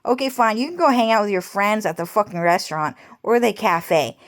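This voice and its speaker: A woman's voice: mid-range voice, fairly quick. A young woman vlogger talking to camera in a rambling, agitated personal monologue, swearing heavily and repeating herself.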